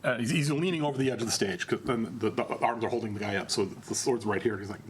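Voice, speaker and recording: A man's voice: lowish voice, a little hiss or hum. Man narrating as game master. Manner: relaxed, halting narration with fillers. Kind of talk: narrating a tabletop role-play game.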